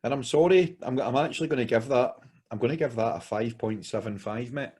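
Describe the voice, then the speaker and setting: A man's voice: mid-range voice, brisk, darkish tone, breathy edge. A Glaswegian man co-hosting a casual beer review podcast, laid-back and chatty, full of "aye" and "mate". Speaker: podcast co-host.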